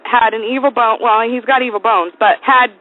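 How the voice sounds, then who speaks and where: A young woman co-hosting a show, telling a story in a profane, animated, dramatic way. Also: on the high side, normal speed. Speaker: co-host. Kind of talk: casual comedic storytelling. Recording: tinny phone-like sound.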